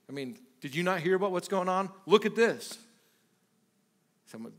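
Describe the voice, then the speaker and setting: A pastor preaching a sermon, retelling Bible dialogue in an animated, repetitive way. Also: male voice, high voice, unhurried.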